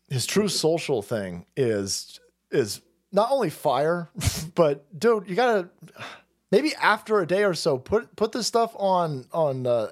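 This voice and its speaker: A man hosting a livestream, ranting profanely and sarcastically, often laughing. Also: on the high side. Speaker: host. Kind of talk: livestream political rant.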